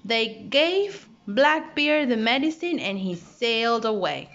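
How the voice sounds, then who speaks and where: Worried sea turtles, as a woman reading aloud plays them, explaining in a slow, lifted, lilting voice. The sound is muffled and lo-fi. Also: on the high side, sing-song, fairly bright tone, heavily acted. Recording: dull lo-fi audio.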